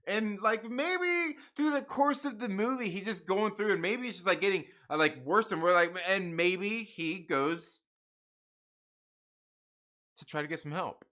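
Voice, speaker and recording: A man's voice: high-pitched, a little slow, sharp tone. A man hosting a livestream, rambling in casual profane chat and laughing often. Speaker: livestream host reading comics.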